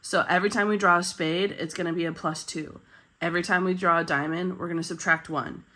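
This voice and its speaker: Chatty woman with a husky morning voice. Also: fairly low pitch, fairly even intonation, fairly quick, bright, forceful tone. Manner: upbeat, chatty. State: husky morning voice, coming down with a cold. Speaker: budgeting channel host. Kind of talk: casual chat.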